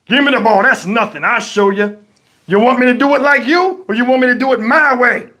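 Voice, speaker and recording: A man's voice: very high-pitched, fairly quick, pushed and bright, full character voice. A man voicing a boastful older grandfather who demands the ball and brags. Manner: boastful, commanding.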